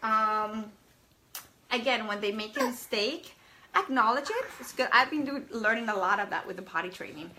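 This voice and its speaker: A woman in her thirties talks casually to camera about parenting. Her voice is bright and a touch high, and she rambles with fillers and restarts. A faint hum of room noise sits behind her. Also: moderate pace. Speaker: parenting vlogger.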